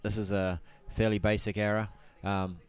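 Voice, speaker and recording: Male colour commentator, deep, even and unhurried, halting delivery, clean voice. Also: clear, resonant tone. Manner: hesitant, lots of ums and you-knows. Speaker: color commentator. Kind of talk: live sports commentary.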